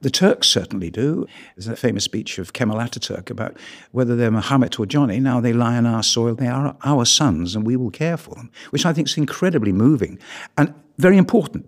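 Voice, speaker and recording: A man from Britain, a photographer giving a public talk on his pictures in an earnest, measured way with emphatic rises on key words. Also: medium pitch.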